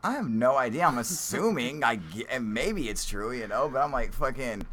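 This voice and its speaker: A man's voice: mid-range voice, animated, normal speed, a bit bright. A man hosting a live stream, chatting casually and reading viewer comments, rambling and swearing with frequent laughs. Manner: profane, rambling, laughs often.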